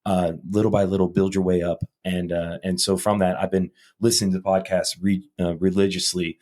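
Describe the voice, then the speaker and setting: A man with a very low, deep voice talks in a casual podcast interview. He rambles earnestly, doubling back on his words as he tells his story. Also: little pitch movement, moderate pace, darkish tone. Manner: rambling and earnest, repeats words, acts out quoted talk. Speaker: podcast guest, gym owner.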